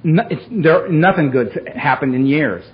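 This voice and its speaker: A man giving a raw, dramatic recovery talk to a live audience, with dark humor and a street-casual way of speaking. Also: fairly high pitch, expressive, a little slow. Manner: street-casual, peppers speech with "man" and "you know". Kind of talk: personal recovery story told to a live audience. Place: meeting hall with a live audience. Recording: dull, lo-fi live talk recording with faint hiss.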